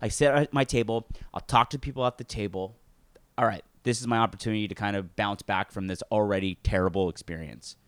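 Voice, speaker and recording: Casual podcast storyteller, man, lower voice, dry close sound, acts out quotes with plenty of swearing. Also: fairly quick, smooth, no echo. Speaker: podcast co-host.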